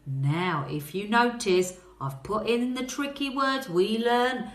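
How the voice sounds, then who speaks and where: A woman teaching a phonics lesson to young children, talking in a slow, encouraging way and coaxing them to answer. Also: a little high, echoey room.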